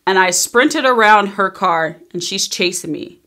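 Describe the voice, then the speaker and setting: A woman in her thirties telling a personal story in a casual storytime vlog, emphatic and animated, acting out what people said. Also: mid-range voice, unhurried. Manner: emphatic, animated retelling, acting out quoted lines.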